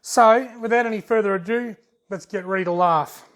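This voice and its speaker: A man's voice: high voice, normal speed, a bit bright. An Australian man hosting a fishing video channel, casually reading out viewer comments in a jokey, laid-back way and chuckling often.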